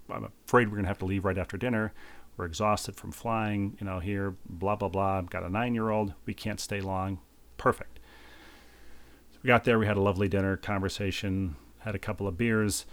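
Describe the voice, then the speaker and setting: A man in his forties co-hosting a podcast, telling rambling, self-deprecating stories in casual chat. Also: sits low. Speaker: podcast co-host.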